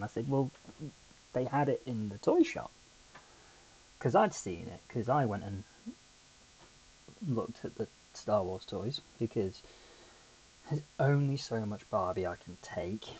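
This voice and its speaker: A man's voice: fairly low pitch, darkish tone, slight background noise, poor audio. A man hosting a podcast on his own, telling a rambling, chatty story full of asides. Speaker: podcast host. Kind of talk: casual solo podcast chat.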